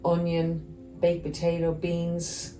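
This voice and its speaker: A woman's voice: on the low side, monotone, slow, dark tone. A middle-aged Irish woman, a nurse, chatting casually in an interview and acting out conversations she has had. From Ireland. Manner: chatty, acts out quoted conversations. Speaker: nurse and former weight-loss patient. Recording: echoey room with faint music.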